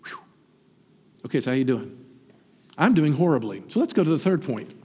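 A man preaching a sermon as pastor, animated and emphatic, swinging from high peaks down to low, quiet asides. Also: fairly quick, breathy edge. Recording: long hall reverb.

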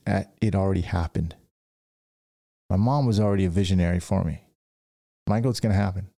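A man's voice: sits low, a little fast, vocal fry, warm tone. A man hosting a podcast, giving rambling casual business advice and acting out stories. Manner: rambling, with restarts and acted-out stories. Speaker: podcast host, dent repair business owner.

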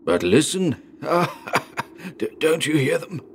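A man puts on a feeble, feverish old exile near death, his voice thin and strained, the words dragged out slowly and painfully, climbing well above the narrator's low tone. The halting speech of a storybook horror reading. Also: very animated, creaky, a little hiss or hum, exaggerated voice. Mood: feverish, insistent. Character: dying old Siberian exile father, weak, feverish.

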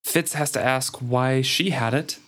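A man discussing a book, retelling scenes in a relaxed way with fillers. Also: medium pitch, measured pace. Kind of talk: book discussion, reading passages.

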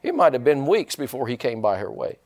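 A man's voice: medium pitch, very animated, brisk, darkish tone. A male pastor preaching a sermon, asking the congregation questions and drawing responses. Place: church sanctuary.

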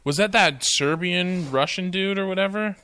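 A man's voice: high voice, normal speed, pushed and bright. A man hosting a podcast, chatting casually and making self-mocking jokes. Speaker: podcast host.

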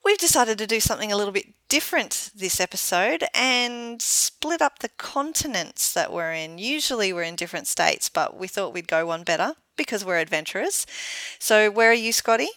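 A woman's voice: mid-range voice, expressive, normal speed, bright, forceful tone, dry recording, rough recording. A woman, co-hosting a podcast in casual, chatty talk, laughing often and poking fun at herself. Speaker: podcast co-host. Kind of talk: casual chat.

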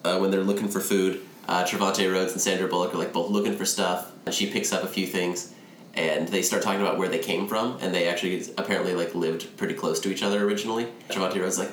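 A man's voice: low-pitched, fast talker, a little hiss or hum. A man casually recapping a movie, retelling scenes and mimicking the characters' lines. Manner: animated retelling, acts out quotes in a raised voice. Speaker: film podcast co-host. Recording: echoey room, faint ambience.

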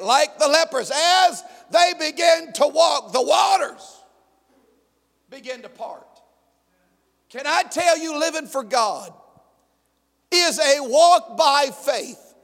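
A male pastor preaching an emphatic sermon, often shouting and calling on the congregation to respond. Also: very high-pitched, gravelly, in a large hall.

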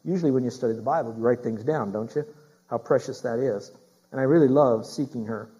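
A man's voice: medium pitch, fairly quick, dark tone, husky, muffled recording. A middle-aged man preaching a sermon as a pastor. He speaks emphatically, repeats his key phrases and puts questions straight to the congregation.

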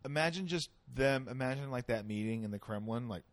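A man with a medium-pitched voice talks a little fast as a podcast guest in Sacramento. He's casual and joking, rambles through tangents, and swears a lot.

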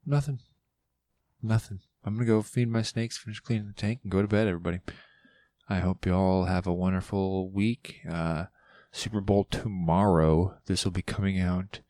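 A man with a deep, mellow voice hosts his own solo podcast, speaking at a moderate pace with flat delivery. He rambles loosely, swears casually and tosses in playful asides, with no echo in the sound.

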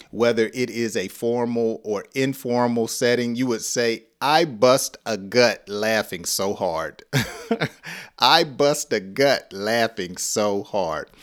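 Animated man teaching English phrases. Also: medium pitch. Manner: animated, laughs often, acts out example phrases. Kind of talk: conversational English lesson.

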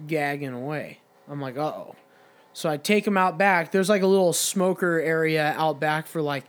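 A young man casually telling a long, profane bar story on a podcast, quoting the people in it. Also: a little high. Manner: profane, rambling anecdote with quoted voices. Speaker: podcast co-host.

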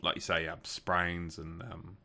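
A man's voice: sits low, little pitch movement, measured pace, sharp tone. A middle-aged man hosting a podcast, telling rambling anecdotes and laughing often. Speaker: podcast host. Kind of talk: casual chat.

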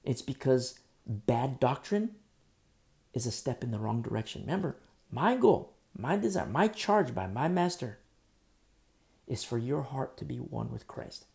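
Gravelly-voiced male pastor preaching. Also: medium pitch, very animated, a little slow. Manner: emphatic preaching, swings between loud bursts and hushed asides; repetitive, with frequent fillers. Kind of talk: sermon.

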